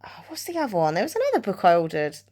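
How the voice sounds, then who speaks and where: A woman's voice: medium pitch, huge pitch swings, racing, darkish tone. Woman rambling about books, lots of ums and likes, casual chat. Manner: chatty, rambling, many fillers and laughs. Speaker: vlogger.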